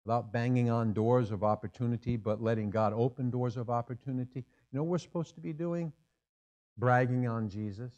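A man's voice: medium pitch, brisk, darkish tone, lo-fi sound. A male pastor preaches in a church, talking directly and plainly to his congregation. He leans on rhetorical questions and answers them himself, in an easy, conversational manner. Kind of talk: sermon. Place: church sanctuary.

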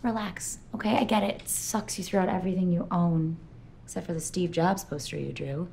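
A woman's voice: on the low side, fairly even intonation, a little fast, vocal fry, darkish tone, slight background noise. An actress playing an exasperated young girlfriend in a comedy sketch, speaking with dry sarcasm. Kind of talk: scripted comedy sketch acting.

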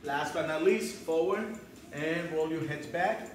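Slightly slow and on the high side, a man coaching a spin class calls out counts and cheers the riders over pounding music, breathing a bit hard. Captured from a distance, the audio is poor and very echoey.

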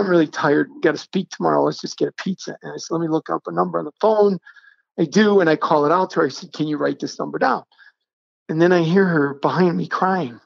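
Gravelly middle-aged man telling a story. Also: a little high, dry recording. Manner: earnest, halting, re-enacts dialogue. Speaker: podcast guest. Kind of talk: personal storytelling. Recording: dull, dry lo-fi sound.

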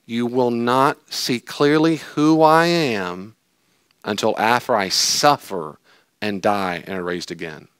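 A male pastor giving a lively sermon, telling stories and acting out voices with jokes. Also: medium pitch, slow pace, smooth, no room sound, clean studio sound. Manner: animated, jokey storytelling with acted-out voices.

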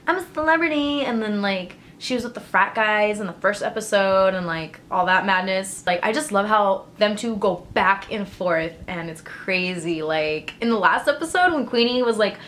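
A woman vlogging in casual chat, excitable and chatty, filling her talk with "like". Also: medium pitch, normal speed, hardly any pauses, slight background noise.

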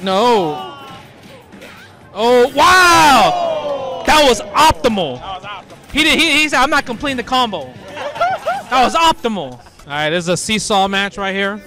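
A man commentating players in excited casual talk, full of slangy hype reactions and sudden shouts. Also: very high voice. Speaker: host commentating pro players.

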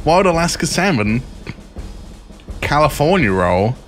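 A man's voice: a little high, very animated, measured pace, faint music behind. A young man streaming live, reading items aloud and reacting with crude, joking remarks. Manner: crude, joking, reacts loudly to each item.

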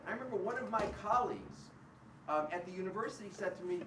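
A man giving a public university lecture, animated and sarcastic, often acting out the voices of the people he quotes. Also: sits high, fast, distant mic, noisy background. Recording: roomy hall picked up from afar.

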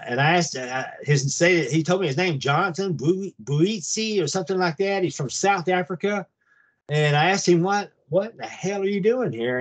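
A man over fifty telling a long personal story in a casual, halting way, full of restarts. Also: on the high side. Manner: halting, rambling, with many restarts. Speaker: guest recounting an abduction experience.

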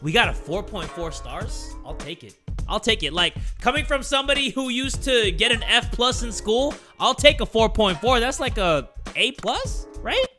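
Lively high-voiced gaming guy. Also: normal speed, hardly any pauses, music in the background. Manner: joking, animated, swears freely. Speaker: gaming YouTuber. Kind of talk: let's play commentary.

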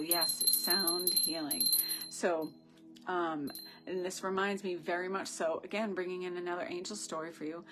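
A woman leading a live-streamed ritual, talking to viewers through a phone camera. She is effusive and rambling, with gushing asides. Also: lowish voice. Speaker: spiritual ritual leader.

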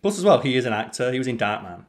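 A man's voice: medium pitch, big pitch swings, very fast. A man co-hosting a let's play, chatting casually and opinionatedly while gaming, with the odd swear.

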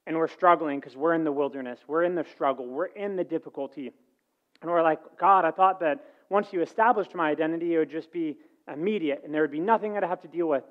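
A man preaching a sermon, telling a story with lively acted-out dialogue and swings in loudness. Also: fairly high pitch, narrow, tinny audio. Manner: animated storytelling, acting out dialogue with shifts in volume. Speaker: pastor.

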